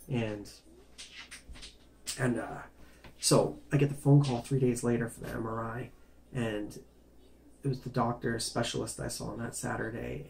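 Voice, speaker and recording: A man's voice: mid-range voice, vocal fry. A man casually recounting a personal medical story, rambling and conversational, with many restarts and fillers. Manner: animated and emphatic in tense moments.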